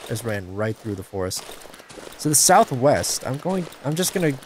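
A man giving horror game commentary, jumpy and quick to swear and scream when startled, over noisy game audio. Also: mid-range voice, sing-song. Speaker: gameplay commentator.

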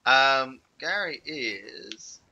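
A man's voice: medium pitch, animated, very slow, creaky, pushed and bright, highs cut off. A man streaming a game, chatting loosely and swearing freely as he plays. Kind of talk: casual gaming chat.

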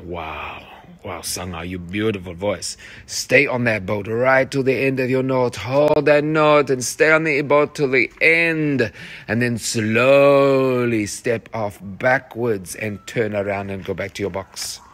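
A man's voice: medium pitch, takes it slowly, a bit bright. A theatre director, a man, reading rehearsal notes to his cast, encouraging and fond of repeating phrases.

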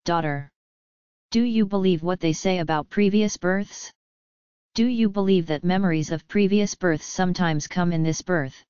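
A woman's voice: fairly low pitch, moderate pace, a little mellow, smooth, dry recording, close to an everyday voice. A woman voicing an ailing old emperor and worried father in an audiobook, speaking in a grave, solemn way. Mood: weary. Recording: slightly dull lo-fi audio.

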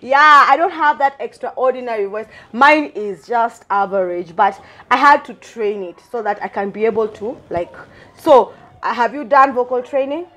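A woman's voice: a little high, moderate pace, fairly bright tone, lo-fi sound. Bubbly woman hosting. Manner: bubbly, laughs often, mixes English and Swahili slang. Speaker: talk show host. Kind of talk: casual interview.

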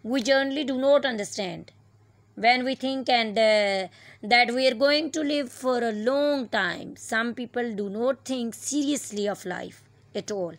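A woman teacher giving an online English lesson, reading a passage aloud slowly and explaining word meanings with occasional fillers. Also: on the high side, no echo. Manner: slow, deliberate reading with fillers.

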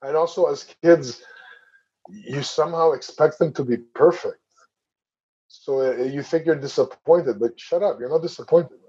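A man's voice: fairly high pitch, moderate pace, warm tone, breathy edge, dull audio. A man co-hosting a casual podcast, speaking frankly and reflectively about parents. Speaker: podcast co-host. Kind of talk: casual chat.

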